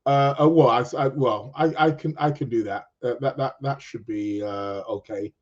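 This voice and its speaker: A man's voice: mid-range voice, normal speed, highs cut off. A man hosting an astrology podcast, chatting casually and reading out viewer comments in a rambling, joking way. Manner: rambling, jokey, self-interrupting.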